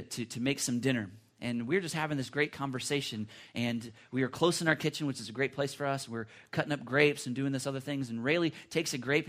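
A man preaching a sermon in an earnest, conversational way, with repetitions and restarts. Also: medium pitch. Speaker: pastor.

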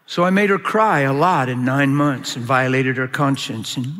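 Bright-voiced man preaching in an echoing hall. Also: normal speed, few pauses. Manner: animated storytelling, swinging from loud shouts to low quiet asides. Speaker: pastor. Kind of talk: sermon. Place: large hall before a live audience. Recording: long echoing hall reverb.

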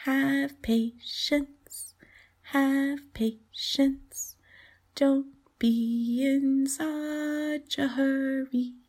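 A woman voicing an eager, cheerful little boy with a high sing-song voice in a storybook reading. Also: expressive, a little slow. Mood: coaxing.

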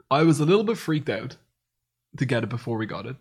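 A man co-hosting a podcast, chatting casually in a rambling, animated way and swearing freely. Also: mid-range voice, fast talker, breathy edge. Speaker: podcast co-host. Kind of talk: casual chat.

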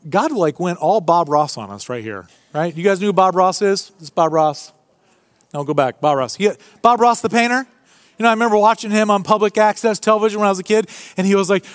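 A male pastor preaching a sermon to a live congregation, animated and humorous in a conversational way. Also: high-pitched, no echo. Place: church before a live congregation.

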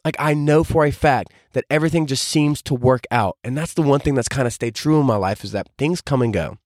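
Young male podcast host in his 20s, quick and rambly, dry close sound, casual reflective monologue. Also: mid-range voice, darkish tone, dry recording. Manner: casual, rambling, many filler "like"s.

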